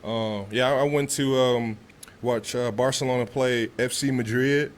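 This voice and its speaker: A man's voice: medium pitch, steady tone, measured pace. Laid-back man from Texas, press talk. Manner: laid-back, loose, repeats and restarts. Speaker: pro football player. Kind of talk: press conference answers.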